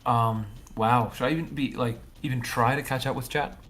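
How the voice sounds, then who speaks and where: A man's voice: medium pitch, steady tone, normal speed, fairly bright tone. A man, a game developer, chatting casually on a livestream and thinking aloud in loose, rambling explanations full of repeated fillers.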